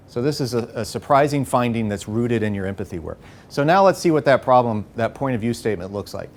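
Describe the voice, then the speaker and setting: A man leading a live workshop, coaching the group with an energetic manner and frequent "okay?" and "right?" check-ins. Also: medium pitch, brisk, a little hiss or hum. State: a bit out of breath. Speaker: workshop facilitator. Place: workshop room.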